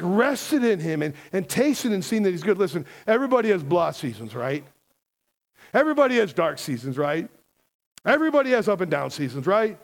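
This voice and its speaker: Pastor guy preaching, gravelly voice, pitch jumps all over, keeps asking the crowd stuff. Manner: emphatic, conversational, asks the congregation questions. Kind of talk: sermon.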